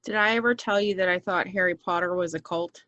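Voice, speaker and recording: A woman co-hosting a podcast in casual chat, telling stories in an animated way and swearing freely. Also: fairly low pitch, quick pace, dry recording, dull audio. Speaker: podcast co-host.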